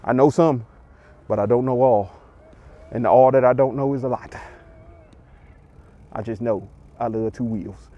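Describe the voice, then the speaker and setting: A man's voice: medium pitch, unhurried, pauses often, highs cut off. Joking man vlogging from a bike. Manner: joking, self-mocking, loose slang. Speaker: moto vlogger. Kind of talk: casual ride vlog. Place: outdoors riding an e-bike on a greenway. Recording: music playing under outdoor ride audio. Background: background music.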